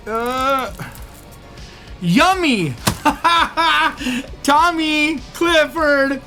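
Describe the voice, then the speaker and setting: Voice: medium pitch, bright, forceful tone. Vlog host, casual and upbeat, laughs easily, mid-range voice, faint music underneath. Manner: chatty and upbeat, laughs at own jokes. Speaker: host of an unboxing video channel.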